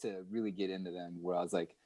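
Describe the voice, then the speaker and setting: Man, podcast guest, storytelling, animated, dry close sound. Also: sits low, fast, dry recording. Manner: animated, chatty, lots of fillers. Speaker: guest musician.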